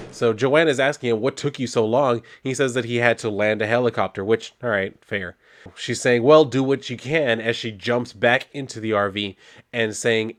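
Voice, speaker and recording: A man's voice: fairly low pitch, a little hiss or hum. Casual man recapping a comic. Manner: relaxed, wry asides and fillers. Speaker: comic book reviewer.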